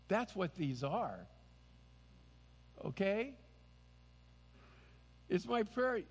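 A man's voice: high-pitched, very animated, extremely slow, pauses often, in a large hall. A man preaching a sermon as pastor, earnest and emphatic.

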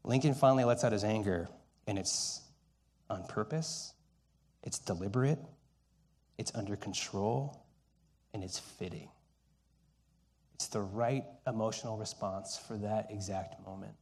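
A man preaching a sermon, telling stories and dropping between loud emphasis and hushed, quiet lines. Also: fairly low pitch, a little slow, long pauses. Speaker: pastor.

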